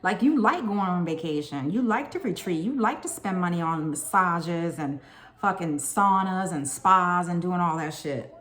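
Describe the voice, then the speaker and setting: A woman's voice: lowish voice, lively intonation, normal speed, fairly bright tone. A woman doing a casual tarot reading, blunt and profane, with sassy asides aimed straight at the viewer. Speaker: tarot reader.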